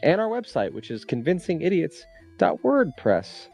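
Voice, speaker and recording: A man's voice: a little high, huge pitch swings, normal speed, vocal fry, darkish tone, soft background music. A man in his thirties co-hosting a podcast, giving a wry, mock-formal outro. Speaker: podcast co-host. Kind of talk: casual chat and scripted show outro.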